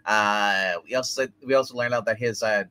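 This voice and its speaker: A man's voice: fairly low pitch, steady tone, normal speed, bright, forceful tone, clear, resonant tone. A man hosting a movie review podcast, rambling through a plot recap with lots of fillers and laughs. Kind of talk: casual chat.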